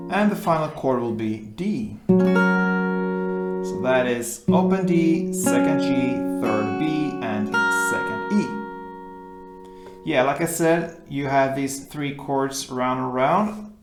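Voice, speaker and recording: A man's voice: mid-range voice, slow, echoey room. A man teaching an acoustic guitar lesson, walking patiently through chords step by step.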